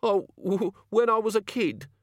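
A shrill, quavering, terrified thug. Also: male voice, lively intonation, measured pace, no echo, studio quality. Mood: haunted. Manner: quavering, stammering, panicky. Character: terrified jittery male thug haunted by a childhood fear.

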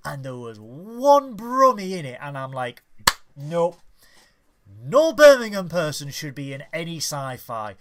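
A man's voice: on the high side, sing-song, normal speed, few pauses, fairly bright tone. A man co-hosting a podcast in casual chat, jokey and playful. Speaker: podcast co-host.

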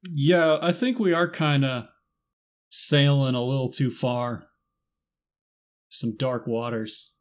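Deadpan male podcast co-host. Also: mid-range voice, takes it slowly, pauses often. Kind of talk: comedic podcast banter.

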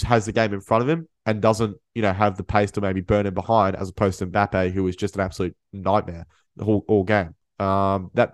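A man hosting a casual sports podcast, talking in an animated way and often repeating and restarting his words. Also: fairly low pitch, no echo. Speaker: podcast host. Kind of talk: casual chat.

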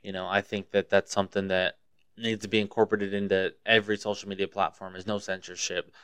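A man's voice: deep voice, little pitch movement, quick pace, a bit bright, smooth, no echo. A young man from Montana hosting his own podcast, talking in a profane, rambling, fired-up way about whatever is on his mind. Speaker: podcast host. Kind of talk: casual solo podcast rant.

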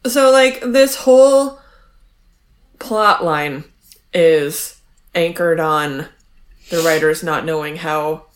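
A woman co-hosts a casual podcast recap, talking in a wry, chatty way. She takes her time, with an unhurried, easy pace. She laughs often as she goes. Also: low-pitched. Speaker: podcast co-host.

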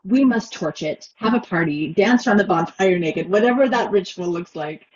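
A woman hosting a casual interview, talking in an animated, expressive way about emotions at work. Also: fairly low pitch, normal speed, highs cut off. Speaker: podcast host.

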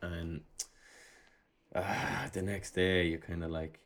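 A man's voice: deep voice, normal speed. A young Irish man chatting casually in a travel vlog, rambling and laid-back with restarts.

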